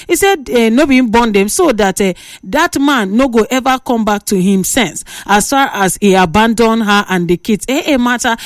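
A woman with a Nigerian accent hosting a call-in radio show, giving lively, scolding advice. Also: on the high side, normal speed, few pauses, no echo, clean studio sound, recorded from a distance. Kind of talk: call-in radio talk in Pidgin.

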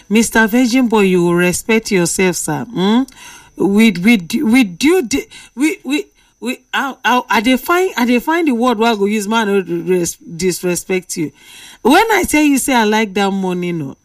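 A woman's voice: medium pitch, expressive, moderate pace, no room sound, clean studio sound, recorded from a distance. A Nigerian woman hosting a late-night radio call-in, playfully reading out listener messages and bantering with callers.

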